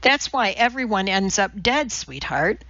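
A woman reading the part of a blunt older woman neighbor with a deadpan, brusque delivery. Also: mid-range voice, unhurried, no echo, lo-fi sound, full character voice.

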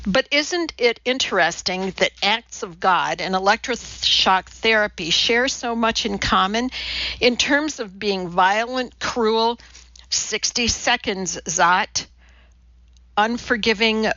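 Slow, crisp, deadpan woman narrator. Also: medium pitch, dry recording. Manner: deadpan, precise, lecturing delivery. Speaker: audiobook narrator. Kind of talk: scripted narration. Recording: dull lo-fi dry audiobook recording.

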